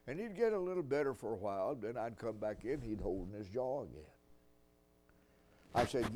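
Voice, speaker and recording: A man's voice: medium pitch, lively intonation, moderate pace, darkish tone. An older man preaching a sermon, telling folksy stories with dry humor.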